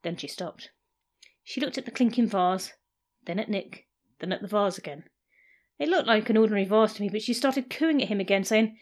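A woman narrating a first-person story in a playful, animated way. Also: fairly high pitch, moderate pace.

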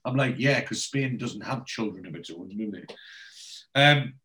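A man's voice: on the low side, normal speed, bright, forceful tone. A man with a rambling, chatty manner, casually recapping a TV episode as a podcast co-host.

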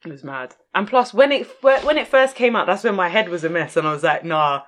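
A woman's voice: medium pitch, big pitch swings, brisk. A woman, co-hosting a casual podcast chat, candid and laughing often. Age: 30s. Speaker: podcast co-host.

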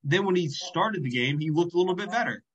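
A man co-hosting a podcast, working through his football points in a measured way. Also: fairly high pitch, expressive, fairly bright tone, dull audio. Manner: measured, reasoning, with restarts. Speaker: podcast co-host. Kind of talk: casual sports chat.

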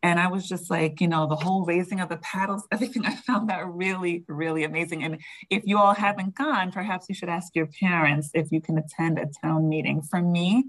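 A woman with a low voice and a New York accent answers questions about her work leading a school district. She talks in a relaxed, conversational way and often pauses on filler words. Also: rough recording. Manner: conversational, frequent fillers and laughs. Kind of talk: interview answers.

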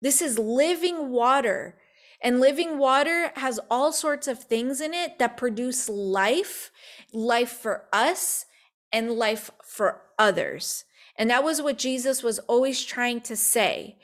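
A woman telling a personal faith story in casual talk, acting out the quotes in quick, animated bursts. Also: fairly high pitch.

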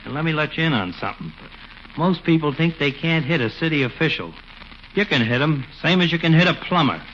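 A gossipy, pushy barber. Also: male voice, fairly high pitch, lively intonation, brisk, a bit bright. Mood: egging on. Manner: folksy, egging on. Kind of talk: 1940s radio comedy acting. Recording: dull noisy old radio recording.

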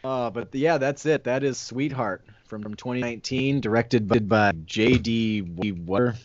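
A man's voice: mid-range voice, unhurried, no room sound. A man co-hosting a film podcast gives blunt, exaggerated takes with a joking edge. His voice sits close and dry, with no room sound around it. The audio is slightly muffled. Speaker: podcast co-host. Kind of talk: casual film discussion.

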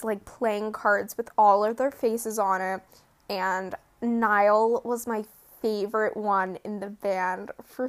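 A teenage girl chatting on her own podcast, rambling and giggly with lots of "like" and "um", sleepy and yawning. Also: mid-range voice. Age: teens. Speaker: podcast host. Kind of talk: casual solo podcast chat.

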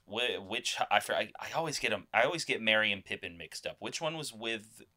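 A man in a casual movie chat, telling stories slowly and giggling. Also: fairly low pitch, animated, sharp tone. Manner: slow, giggly storytelling.

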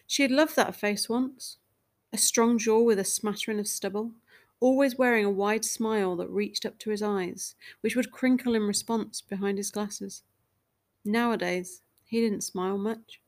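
A woman reading a short dramatic story aloud in measured, even scripted narration. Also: mid-range voice.

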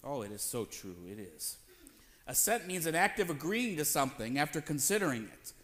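A man's voice: fairly high pitch, big pitch swings, brisk, fairly bright tone. A man preaching a sermon as pastor, conversational, questioning the congregation and acting out little voices. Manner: acts out voices in quotes, playful asides.

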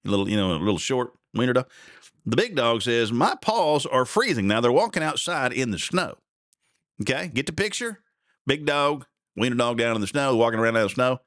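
A man's voice: mid-range voice, brisk, fairly bright tone, dry recording, clean studio sound. A middle-aged man hosting a radio show in a rambling, folksy, chatty way with many restarts. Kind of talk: casual radio talk.

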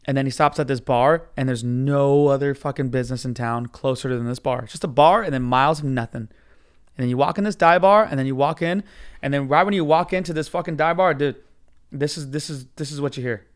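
A man with a smooth, clear voice pitched a little high tells a story as a podcast host. He rambles and swears casually, and he slips into other people's voices as he goes. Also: brisk.

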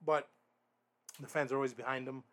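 A man's voice: mid-range voice, little pitch movement, a little fast, fairly bright tone. A man hosting a podcast, giving a casual solo wrestling review in a rambling, blunt way, often restarting his sentences and swearing now and then. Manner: rambling, frequent restarts and fillers. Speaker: podcast host.

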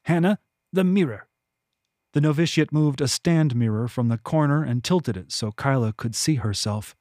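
Measured male audiobook narrator, dry sound. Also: mid-range voice, darkish tone, no room sound. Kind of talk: scripted narration.

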